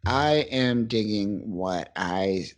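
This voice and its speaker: A man's voice: lowish voice, lively intonation, very slow. Enthusiastic podcast host guy, lots of um and uh, loving the comics. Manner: enthusiastic, hesitant with many ums and uhs. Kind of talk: casual comic book review chat.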